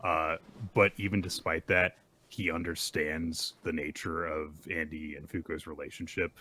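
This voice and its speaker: Man co-host, casual manga chat, low pitch, bright tone. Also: normal speed. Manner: relaxed commentary with fillers. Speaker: podcast co-host.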